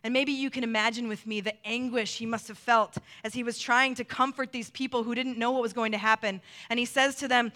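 A woman preaching a sermon, earnest, dropping soft and slow when she quotes scripture. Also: fairly high pitch, fairly even intonation.

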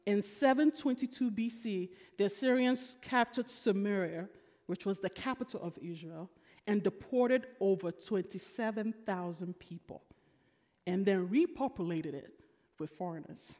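A woman pastor preaching a sermon in an animated, humorous, colloquial storytelling style. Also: mid-range voice. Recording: long reverb of a large hall.

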